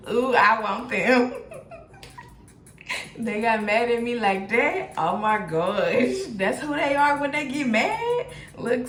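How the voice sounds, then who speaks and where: A woman doing a casual tarot reading, animated and profane, often breaking into laughter. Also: mid-range voice. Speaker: tarot reader. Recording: echoey room with faint noise.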